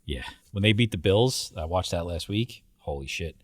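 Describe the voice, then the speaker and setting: A man hosting a casual football podcast, running through game recaps in a brisk, blunt way. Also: low voice, animated, no echo, clean studio sound. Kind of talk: casual sports chat.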